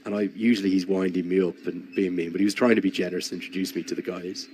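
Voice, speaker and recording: A man's voice: low voice, steady tone, fast, darkish tone, faint music behind. A man commentating live on a cricket match while telling a long, rambling anecdote, with frequent restarts.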